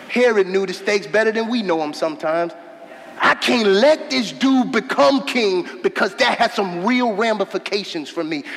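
A man preaching a sermon as pastor, emphatic, with folksy asides, swinging from shouts to low murmurs. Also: a little hiss or hum. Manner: casual, folksy asides to the congregation. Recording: long hall reverb.

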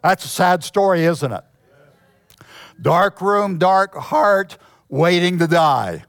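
A man preaching a sermon, reading scripture and talking it over slowly and deliberately, often clearing his throat. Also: sits high, lively intonation, a bit bright, dry recording. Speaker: pastor.

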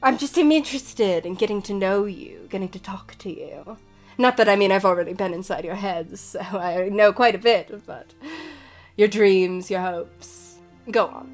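A woman's voice: medium pitch, moderate pace, faint music behind, natural voice. A woman voicing a towering, graceful dream woman who is sweetly menacing, with a honeyed, condescending manner.

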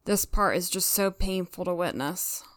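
A woman co-hosting a casual chat podcast, talking through an episode with earnest feeling. Her voice is smooth and resonant, and the sound is dry and close, with no room around it. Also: lowish voice, normal speed, dry recording. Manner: earnest, emotional, retells scenes with quoted lines. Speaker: podcast co-host.

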